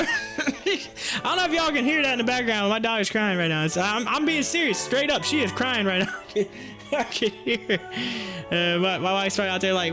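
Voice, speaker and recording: High-voiced, excitable young man hosting. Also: normal speed, over music. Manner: excitable, joking, laughs often. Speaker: livestream host. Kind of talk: casual live stream chat.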